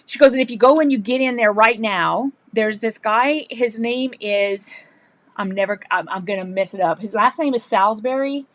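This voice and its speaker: A woman hosting a live sewing stream, telling stories in a chatty, animated way and laughing often. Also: on the high side, normal speed, no room sound. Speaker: livestream host, quilter. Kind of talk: casual live-stream chat.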